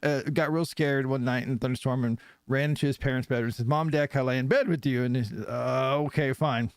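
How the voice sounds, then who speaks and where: A man's voice: mid-range voice, fairly even intonation, quick pace, no echo, clean studio sound. A man hosting a casual podcast, telling old jokes and laughing often. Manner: laughs often, jokey storytelling. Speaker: podcast host.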